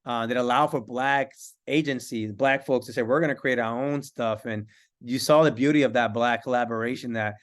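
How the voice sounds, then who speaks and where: Man, mid-pitched, smooth and resonant, eager panel speaker who piles on examples. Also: fairly even intonation, normal speed. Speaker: curriculum panelist. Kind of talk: panel discussion.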